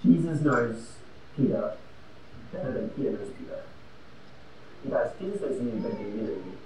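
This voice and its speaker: A man's voice: medium pitch, expressive, moderate pace, a little hiss or hum. A man preaching in a roomy hall. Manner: emphatic, conversational preaching with loud-soft swings. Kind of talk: sermon. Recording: roomy and distant with faint ambience.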